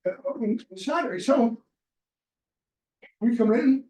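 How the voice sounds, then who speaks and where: Heard through a little hiss or hum, a man with an extremely high, darkish voice talks slowly and animatedly. He's a chapter member rambling through a sports anecdote for a small club group in a restaurant meeting room, quoting people in a retold dialogue, with roomy sound from a distant mic.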